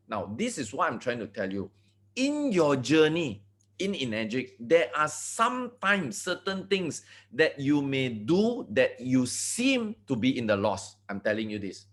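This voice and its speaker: Animated Malaysian man giving a pep talk. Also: normal speed. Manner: animated, swinging pitch, repeats words and restarts; addresses audience directly, asks for agreement. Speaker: motivational speaker. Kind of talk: motivational talk to an online group.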